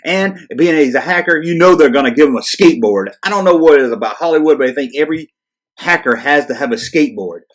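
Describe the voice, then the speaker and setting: A man's voice: fairly high pitch, lively intonation, fast. Exasperated man ranting casually. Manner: exasperated, sarcastic, swears freely. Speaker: channel host.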